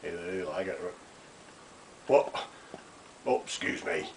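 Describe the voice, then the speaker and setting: An older man, a puppeteer, muttering quietly in a gravelly voice. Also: low voice, unhurried, long pauses, rough recording. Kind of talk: off-hand aside.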